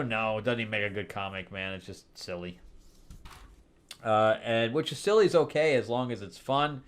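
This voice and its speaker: A man's voice: fairly low pitch, moderate pace. Rambling, sarcastic male comic reviewer. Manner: rambling, sarcastic, laughs often. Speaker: comic book reviewer, host. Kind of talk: casual review chat.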